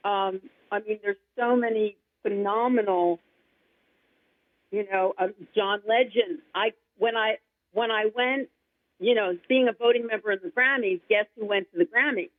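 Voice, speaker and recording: A woman's voice: mid-range voice, normal speed, dry recording. Gushing woman on a tinny phone line. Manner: gushing, rambling, excitable. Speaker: guest singer-songwriter. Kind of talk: casual interview chat.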